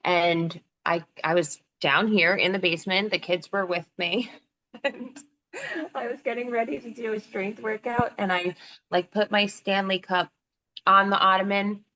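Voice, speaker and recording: A woman's voice: mid-range voice, a little slow. A woman in her thirties, a podcast co-host, telling stories in casual chat and laughing often as she talks. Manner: animated storyteller, laughs often while talking. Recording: slightly dull lo-fi sound.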